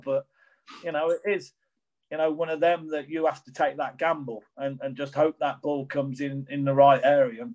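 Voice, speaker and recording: A middle-aged man who was once a professional footballer is the guest here, answering questions in a meandering way with frequent restarts. His voice is a little high. The recording quality is low.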